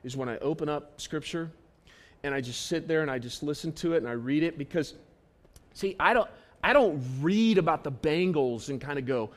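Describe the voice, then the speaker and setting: Earnest pastor, slightly high voice. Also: male voice, animated, brisk. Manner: earnest, repetitive, stresses key phrases, shifts between loud and hushed. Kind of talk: sermon. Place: church auditorium.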